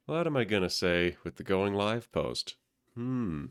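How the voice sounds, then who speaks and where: A man streaming a game and chatting casually, sounding sleepy and low on energy as he rambles to his viewers. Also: big pitch swings, unhurried, clear, resonant tone. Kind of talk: casual live-stream chat.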